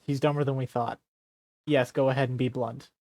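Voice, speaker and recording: A man streaming a role-play, talking in a dry, teasing, deadpan way. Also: medium pitch, a little fast, dry recording.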